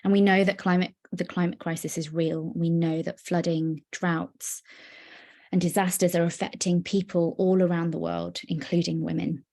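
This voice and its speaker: A young woman giving an earnest, personal talk on a video call, with many pauses and fillers. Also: lowish voice, animated, dark tone. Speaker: guest speaker. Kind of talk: virtual presentation.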